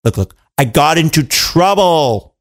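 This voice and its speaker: A man plays a greedy fairy-tale king who wails and yelps over his troubles. The voice leaps high and swoops about with a gravelly crackle. It's broad, melodramatic storybook acting. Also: expressive, a little slow. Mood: exasperated. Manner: wailing, yelping in pain, dramatic. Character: greedy king in pain and despair, adult man.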